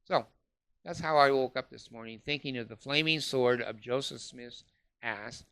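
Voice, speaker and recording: A man's voice: medium pitch, normal speed, fairly bright tone, smooth. A man delivering a scornful, profane ranting monologue, full of uh fillers. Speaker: commentator.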